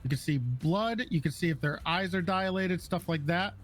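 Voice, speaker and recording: A man with a high-pitched voice runs police recruits through a lesson during game roleplay. He explains things casually, stopping often to check the class understands. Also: moderate pace, a little hiss or hum. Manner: casual, repeats "okay" and "right" to check understanding. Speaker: police academy instructor in a roleplay server.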